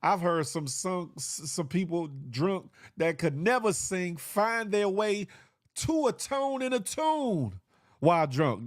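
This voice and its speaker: A man hosts a live online show and riffs with his viewers in a loose, joking way, with slang and playful sound effects. His voice sits a little high for a man. The sound is close and dry, with no room echo. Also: very animated, slow. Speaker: livestream show host. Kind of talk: casual live chat reacting to viewers.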